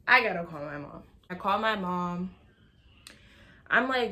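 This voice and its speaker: A young woman in her late teens casually telling a personal story to her viewers, animated and slangy, acting out bits of dialogue. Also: lowish voice, brisk. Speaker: vlogger.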